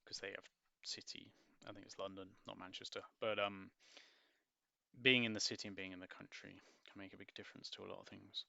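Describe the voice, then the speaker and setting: A man's voice: sits low, level tone, brisk, creaky, sharp tone, dry recording. A man reviewing a children's play script in a casual, rambling way, musing aloud and correcting himself as he goes. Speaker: book reviewer. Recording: dull lo-fi dry recording.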